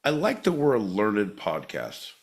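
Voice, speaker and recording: A man co-hosting a podcast, bantering sarcastically and crudely, with sudden loud outbursts. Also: on the low side, wildly swooping pitch, measured pace, creaky. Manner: sarcastic, profane, bursts into loud shouting. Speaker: podcast co-host.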